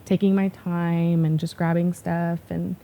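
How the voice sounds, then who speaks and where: A woman's voice: lowish voice, level tone, unhurried, vocal fry, warm tone, slight background noise. A woman in her forties, a hairstylist guest, telling stories in casual podcast chat and swearing freely. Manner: chatty, swears casually, storytelling.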